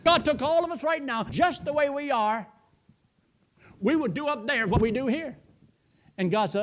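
Man, pastor preaching a sermon, high voice, very lively pitch, dramatic swings in loudness. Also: normal speed.

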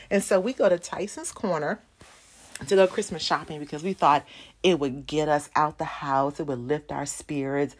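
A woman in her forties giving a sermon testimony, telling a personal story and speaking to the congregation as "y'all". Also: deep voice. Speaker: pastor's wife preaching.

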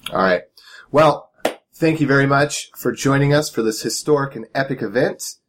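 A man hosting a casual panel chat, relaxed and chuckling, with loose phrasing. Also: medium pitch, moderate pace, a little hiss or hum. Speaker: podcast host.

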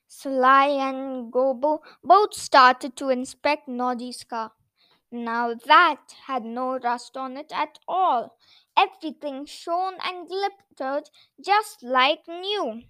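A woman hosting a children's bedtime story show, reading aloud in a gentle, expressive storybook manner. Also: high-pitched, slow pace, no echo. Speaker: storyteller host.

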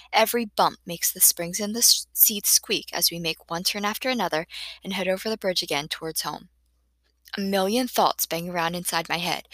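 Woman reading a novel out loud, lots of feeling, low-ish gravelly voice. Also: no room sound, low-quality recording. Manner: expressive, emotional storytelling. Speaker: audiobook narrator. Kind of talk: first-person novel narration.

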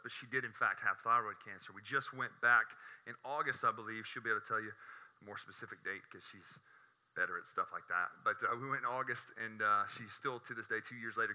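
A man delivers a lively sermon with a very bright, keen edge to his voice. He is animated and joking, and his voice jumps high when he gets excited. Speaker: preacher.

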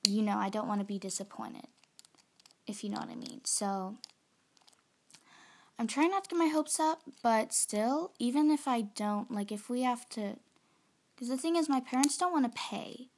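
A young woman chatting casually in a vlog about her songs, rambling with lots of fillers, nervous and excited. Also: a little high, normal speed. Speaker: aspiring singer-songwriter.

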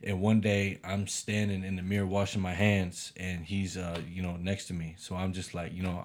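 A man's voice: low-pitched, little pitch movement, fast, a little mellow. A man telling a long story in casual chat, laid-back, with lots of fillers and swearing.

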